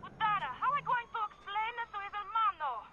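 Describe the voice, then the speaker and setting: A woman's voice: very high voice, expressive, quick pace. A woman playing a scolding female gang member on a phone call in a video game. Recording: phone call with loud static.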